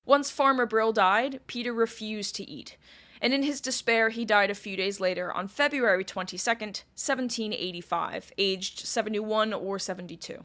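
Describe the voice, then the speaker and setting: A woman's voice: medium pitch, normal speed, sharp tone. A woman podcast host telling a history story in a casual, chatty way with wry asides.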